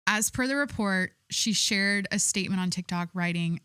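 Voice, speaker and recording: A young woman hosts a solo podcast, chatting loosely and reading a news story aloud. She is irreverent and rambling, with plenty of likes and restarts. Her voice sits at an everyday middle pitch, and the sound is close and dry. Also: normal speed, few pauses, pushed and bright, clean tone, no room sound. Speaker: podcast host.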